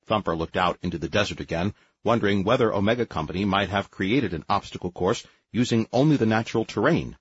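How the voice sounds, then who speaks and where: A man reading an audiobook in scripted narration, lively and expressive. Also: lowish voice, quick pace, slightly rough, no echo, muffled recording.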